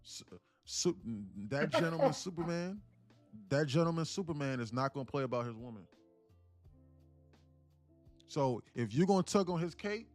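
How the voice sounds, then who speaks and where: Slightly high-voiced, a man with a New York accent runs a day-trading livestream. His casual commentary is full of loose, profane street slang, and he repeats phrases in chant-like runs.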